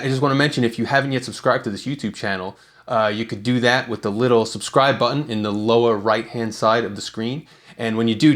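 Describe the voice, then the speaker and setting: Low-voiced man teaching songwriting. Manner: relaxed explaining with frequent fillers and restarts. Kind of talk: casual video tutorial.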